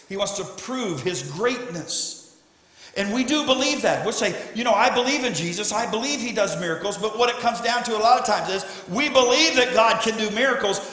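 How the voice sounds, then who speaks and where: A male pastor delivers an emphatic sermon, driving his points home and swelling to shouts. His voice sits high for a man. The sound is echoey, with a long reverb tail like a large church hall. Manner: emphatic preaching that swells to shouting on key lines. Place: church sanctuary.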